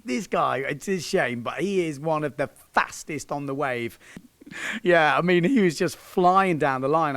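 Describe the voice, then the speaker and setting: In a voice on the high side, a man who coaches windsurfing narrates clips of his students in a casual, joking style. He laughs a lot and shouts encouragement. The recording is dry.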